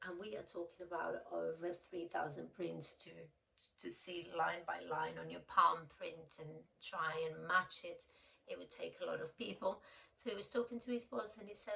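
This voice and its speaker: Woman with a gravelly voice. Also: on the low side, flat delivery, normal speed, bright, forceful tone, distant mic, a little hiss or hum, rough recording. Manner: chatty, emotional, retells dialogue. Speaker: true crime storyteller. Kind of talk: casual storytelling vlog.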